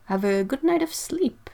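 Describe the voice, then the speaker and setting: A woman's voice: sits high, gravelly. Chatty woman streaming. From Quebec, Canada. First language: French. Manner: chatty, reads out viewer comments, drifts quieter while working. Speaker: artist livestreamer. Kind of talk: casual livestream chat while painting.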